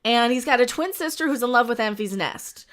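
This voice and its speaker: A woman with a high, bright, sharp voice rants sarcastically in casual livestream chat. She restarts her sentences often and piles on mocking asides. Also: fairly quick. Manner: sarcastic, animated ranting with frequent restarts. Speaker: livestream co-host. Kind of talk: casual chat, ranting movie review.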